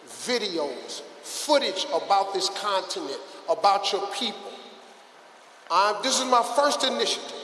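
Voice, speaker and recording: An older man delivers a comedic motivational speech to a crowd, his voice high and bright. He acts out quotes and swings between shouts and hushed asides. The sound is roomy, with a long hall reverb. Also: a little hiss or hum. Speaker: guest speaker at a youth event. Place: large hall with a live audience.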